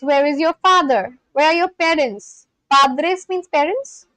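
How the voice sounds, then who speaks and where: Woman, high voice, chatty live streamer, dry close sound. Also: unhurried, a bit bright, no echo, rough recording. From India (Kolkata, West Bengal). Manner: chatty, repeats phrases aloud, then translates them. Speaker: streamer learning a language. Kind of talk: casual live-stream chat.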